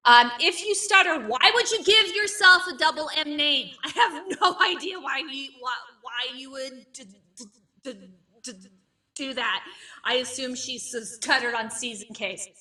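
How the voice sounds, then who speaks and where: A woman's voice: high-pitched, a little slow, bright, forceful tone, recorded from a distance. A woman in her late thirties with a stutter, doing a wry, self-mocking stand-up comedy set. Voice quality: stutters, with repeated sounds and blocks.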